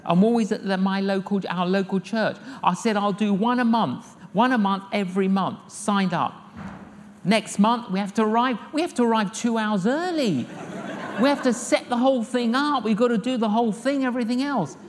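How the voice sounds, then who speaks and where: A man's voice: high voice, moderate pace. An older man delivers a sermon, spinning humorous stories and repeating his phrases for effect. His voice rings out with a long hall reverb. A faint hiss of noise sits under the recording. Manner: lively storyteller acting out dialogue, repeats phrases. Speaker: evangelist preacher.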